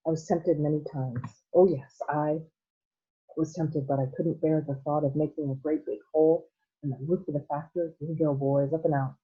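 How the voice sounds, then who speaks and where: A woman voicing a cheerful, calm, eccentric male candy-maker in a soft reading voice, heard over a tinny phone-like line. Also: low-pitched, moderate pace, slightly rough. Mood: gleeful. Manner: cheerful, calm, a bit hushed.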